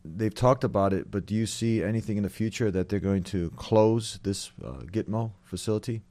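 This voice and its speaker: A man interviewing a guest, setting up long, measured questions. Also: lowish voice, warm tone.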